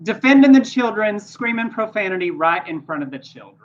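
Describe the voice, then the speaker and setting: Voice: medium pitch, expressive, brisk, heavy background noise. Wry co-host with a dull lo-fi sound. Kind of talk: casual news chat.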